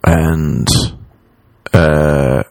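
A man's voice: rumbling low, fairly even intonation, extremely slow, vocal fry, darkish tone, no echo. A young Irish man, a comedian, hosting a podcast and telling a story in a rambling, profane, self-deprecating way. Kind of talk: casual storytelling monologue.

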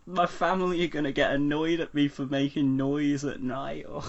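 A man's voice: a little high, level tone, normal speed, vocal fry. A man co-hosting a podcast, chatting with wry, joking asides. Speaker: podcast co-host. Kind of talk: casual chat. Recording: slightly dull, lo-fi sound.

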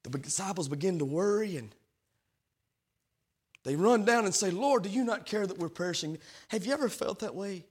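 A male pastor preaching a sermon, swinging from quiet, hushed passages to loud, fervent calls. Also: high-pitched, expressive, moderate pace, slightly rough. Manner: preaching with big swings from soft to shouting.

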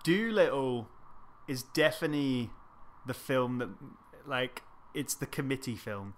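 A man's voice: mid-range voice, a little slow, a little hiss or hum. A man co-hosting a casual film podcast, building his opinions thoughtfully with many "like"s and "I reckon"s. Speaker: podcast co-host. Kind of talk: casual film review chat.

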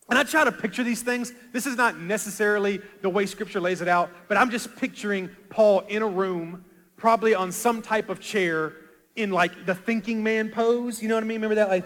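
A male pastor preaching a dramatic sermon, swinging from quiet low asides to loud rising appeals. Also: in a large hall.

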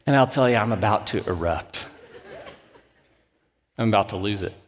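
A man's voice: lowish voice, normal speed, big-room sound. A man in his thirties, a pastor, preaching a sermon as a candid, self-deprecating personal story.

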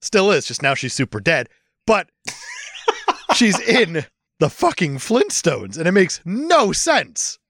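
A man's voice: sits high, wildly swooping pitch, unhurried, a bit bright, no room sound, clean studio sound. A man co-hosting a comedy podcast, teasing and mock-outraged in casual chat. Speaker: podcast co-host.

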